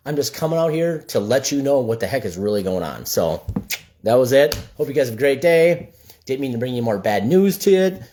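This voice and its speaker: A man from Minnesota who runs a gutter business, talking bluntly to camera in a casual, animated rant. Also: on the high side.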